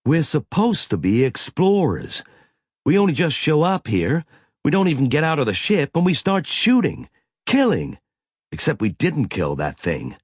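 A man voicing a stern, commanding woman starship captain who snaps sharp orders, raising his pitch well above his own. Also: huge pitch swings, normal speed, slightly rough, no echo, studio quality, exaggerated voice.

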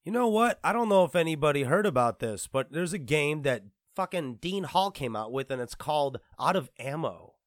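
A man's voice: a little high, animated, moderate pace, hardly any pauses, no room sound, studio quality. A man hosting a gaming commentary show, ranting casually and profanely with lots of restarts.

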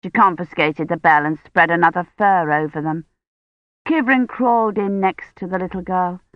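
A woman reading an audiobook in measured, scripted narration. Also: lowish voice, no room sound. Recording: dull, dry studio audiobook recording.

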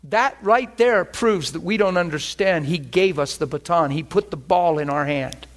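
Male pastor, slightly high pitch, conversational emphatic teaching sermon. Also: normal speed.

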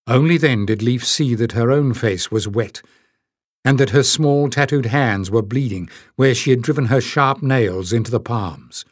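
A man narrating a fantasy audiobook in a steady, expressive storytelling manner. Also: medium pitch, normal speed, slightly rough, dry recording, clean studio sound. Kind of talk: scripted narration.

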